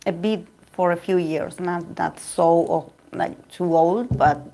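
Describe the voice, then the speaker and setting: A woman's voice: lowish voice, fairly even intonation, slow pace, gravelly, mellow. Chatty Argentine woman, rambling livestream talk. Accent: Argentine Spanish. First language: Spanish. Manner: chatty and rambling, with frequent laughs and restarts. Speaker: tarot reader and channel host. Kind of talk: casual livestream chat with viewers.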